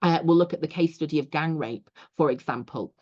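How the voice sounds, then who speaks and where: Lower-voiced woman teaching a lesson, lo-fi. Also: fairly quick, a little mellow. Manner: explanatory, frequent 'you know' asides. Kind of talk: recorded lecture over slides. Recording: dull lo-fi audio.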